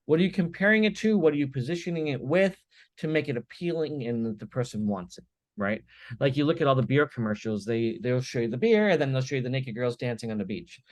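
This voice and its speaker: A man speaking as a guest on a business podcast, with energetic, emphatic storytelling full of quick "right?" tags. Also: mid-range voice, no echo. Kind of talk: podcast interview.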